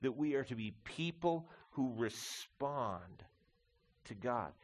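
A middle-aged male pastor preaching a conversational sermon, calling the congregation "folks" and swinging between quiet reflection and loud emphasis. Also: medium pitch, expressive, slow pace, slight background noise. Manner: conversational, addresses listeners as folks.

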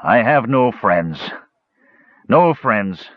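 A man voicing a dying, proud old male dwarf who rasps and wheezes breathlessly, as in an audiobook. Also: fairly low pitch, lively intonation, very slow, dry recording, highs cut off, pitched above the performer's own voice. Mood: desperate. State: dying, hoarse. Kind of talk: audiobook narration.

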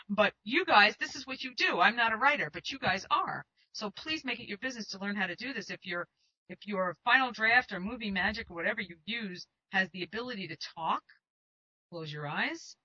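A woman's voice: mid-range voice, slightly rough, dry recording. A woman working as a literary agent, giving screenwriters casual, emphatic advice with lots of restarts. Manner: animated and emphatic, with frequent restarts. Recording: dull, dry, lo-fi recording.

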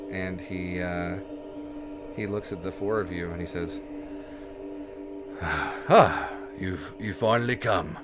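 Low-voiced man narrating a tabletop game. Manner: hesitant, many restarts and fillers. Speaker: game master.

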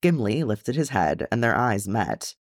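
A man with a low voice narrating a fan fiction audiobook. His reading is expressive, with a wide, lively sweep of pitch. The recording is dry and close, with no room sound. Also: a little slow, dry recording. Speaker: audiobook reader.

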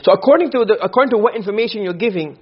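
A man's voice: high-pitched, racing, breathy edge. A man teaching a lesson in Arabic rhetoric, explaining step by step and often checking that his students follow. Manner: acts out short quoted exchanges. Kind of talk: classroom lecture. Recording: dull lo-fi classroom recording.

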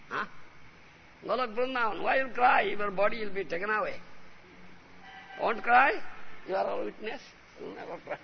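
A man lectures as a spiritual teacher, emphatic and punctuating his points with a questioning "huh?". His voice is high and strongly gravelly. The recording is dull and lo-fi, with faint hiss. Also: expressive, normal speed. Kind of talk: devotional lecture.

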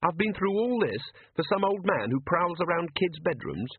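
A man voicing a sharp-tongued young woman who answers with indignant sarcasm. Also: high-pitched, very animated, normal speed, husky, no room sound, pitched above the performer's own voice, exaggerated voice. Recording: narrow phone-like sound.

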